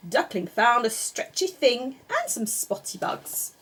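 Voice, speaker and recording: A woman reading a children's picture book aloud in an expressive, sing-song way. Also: fairly high pitch, a little slow, a little hiss or hum. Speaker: storyteller.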